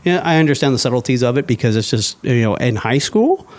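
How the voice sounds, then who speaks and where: A man in a casual podcast interview tells his personal story with plenty of energy. His voice sits at an ordinary middle pitch, and he keeps breaking into playful quoted voices for his past self. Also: fast. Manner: animated storyteller, acts out his own past thoughts in quoted asides. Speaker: guest sharing his testimony.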